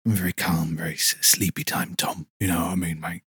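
Man doing a deep, breathy, sleepy storyteller, all murmur. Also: little pitch movement, dry recording, studio quality, heavily acted. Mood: soothing. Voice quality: very breathy, hushed. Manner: murmuring slowly, soothing. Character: soft-spoken sleepy bedtime-story actor, calm. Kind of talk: comedy sketch.

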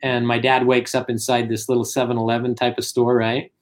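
A middle-aged man tells stories in a relaxed conversational way, slipping into the voices of the people he quotes. His voice sits at an ordinary pitch for a man. He keeps a steady, chatty flow. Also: a little fast. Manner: animated anecdotes, acts out quotes. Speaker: guest. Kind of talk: casual storytelling.

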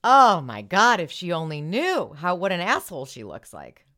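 A woman's voice: lowish voice, huge pitch swings, normal speed, fairly bright tone. A woman hosting a podcast, retelling reality TV scenes in casual chat and acting out the quoted lines. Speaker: podcast host.

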